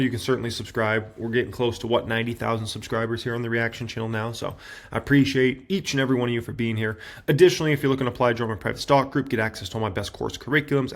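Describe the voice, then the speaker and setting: A man in his thirties hosting an investing channel, talking straight to his viewers in an animated, casual way. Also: medium pitch. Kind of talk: casual reaction commentary.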